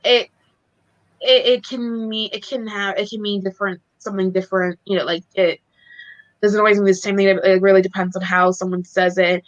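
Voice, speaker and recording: A woman's voice: mid-range voice, fairly even intonation, a little fast, muffled recording. A woman in casual chat, giggly and hesitant, often trailing off and restarting. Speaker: co-host.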